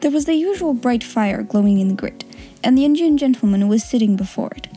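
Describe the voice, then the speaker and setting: Mellow woman reading a children's book. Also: on the high side, expressive, fairly quick, faint music behind. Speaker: audiobook podcast host and reader. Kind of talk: reading a children's novel aloud.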